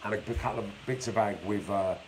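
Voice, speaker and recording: A man tells his life story over a live stream in a loose, storytelling way, blunt, streetwise, and swearing all the time. His pitch is fairly low, his tone steady and a little mellow, and he talks a bit fast. The poor audio from a phone or webcam has a little hiss or hum.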